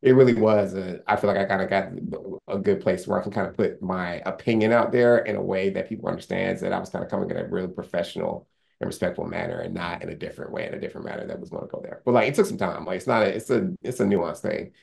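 Man, low pitch, gravelly, quick pace, earnest, rambling, interview guest. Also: darkish tone. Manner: earnest, rambling with many restarts and fillers. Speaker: sports lawyer, interview guest. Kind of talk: candid conversational interview.

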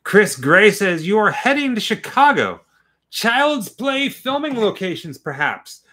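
A man chats casually on a livestream, stumbling and restarting his sentences as he goes. His voice is bright and sits a little high. He reads viewer comments aloud between stories. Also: sing-song. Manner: halting, restarts often, reads chat aloud. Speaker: co-host of a livestream watch party.

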